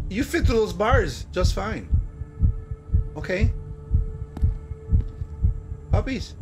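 A man commentating a horror game he is playing, jumping between shouts and muttering to himself. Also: sits high, very animated, slow, pauses often, background noise. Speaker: gameplay streamer. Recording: music loud in the background.

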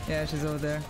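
A gamer and channel host chatting casually over a match, swearing and laughing often. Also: mid-range voice. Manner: excitable, swearing, laughing a lot. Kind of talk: casual gaming chat. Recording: noisy game audio background.

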